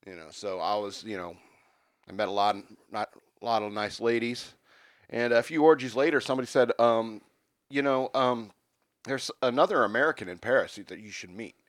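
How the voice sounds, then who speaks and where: A man of middle pitch tells a long invented story in a flat, rambling, comic tone, now and then bursting into a loud rant. His voice is close and dry, with no room sound around it. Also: normal speed, no echo. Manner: deadpan rambling tall tale, bursts into loud rants. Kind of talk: improvised comedic storytelling.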